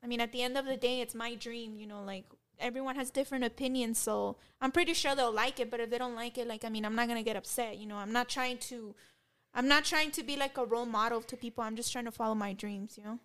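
A woman's voice: on the high side, fairly even intonation, fast talker, a bit bright, smooth. A young woman guesting on a podcast, joking around and laughing while she chats casually with her best friend. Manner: laughing, joking, bilingual banter. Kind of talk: casual chat.

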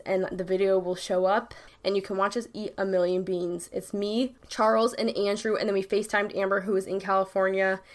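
Young woman, New York accent, casual vlog chat, rambling, slangy, filler-heavy. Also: medium pitch. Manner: rambling, slangy, lots of "like" and "literally". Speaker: YouTuber.

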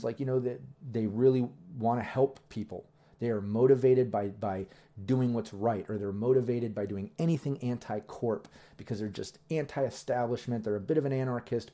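A man who runs tabletop games, giving casual advice in a rambling, relaxed way full of ums and you-knows. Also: on the low side. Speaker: game master giving tips. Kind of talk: casual instructional talk.

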